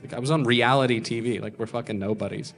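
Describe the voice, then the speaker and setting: Fast-talking and gravelly, with a mid-range voice that still sounds fairly bright, a thirtysomething stand-up comic spins crude stories at his own expense. He shifts into other people's voices as he goes.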